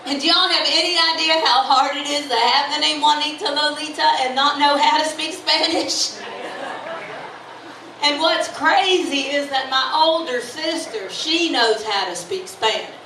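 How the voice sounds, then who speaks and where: A woman's voice: high voice, moderate pace, pushed and bright. A woman from Florida performing live stand-up comedy. She is bubbly and teases the crowd with questions. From Florida, USA. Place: live stage venue with audience. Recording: echoey live room from far off. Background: audience laughter and room noise.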